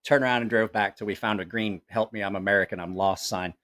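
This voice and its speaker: A man's voice: fairly low pitch, fast. A middle-aged man hosting his channel, telling a rambling story in a casual way, swearing a lot and acting out the voices of the people in it. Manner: profane, animated, acts out quoted voices; rambling with self-corrections. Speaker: channel host.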